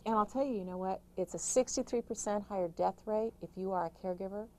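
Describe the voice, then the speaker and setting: A middle-aged woman, an author, giving emphatic, rapid-fire caregiving advice in an interview, with frequent restarts. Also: medium pitch, a little mellow, slight background noise, poor audio. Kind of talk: interview answers.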